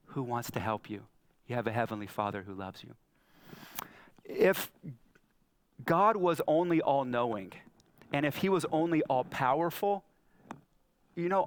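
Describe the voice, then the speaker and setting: A man's voice: normal speed, pauses often. A man in his thirties preaching a sermon, telling stories and acting out the lines he quotes. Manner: storytelling, acts out quotes with big pitch jumps. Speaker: pastor. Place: church hall.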